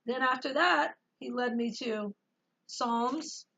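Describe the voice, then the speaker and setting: A woman's voice: a little high, takes it slowly, vocal fry, sharp tone, slightly rough, poor audio. A woman giving an emotional personal testimony as a Christian vlogger, speaking emphatically and reading scripture aloud with rising intensity.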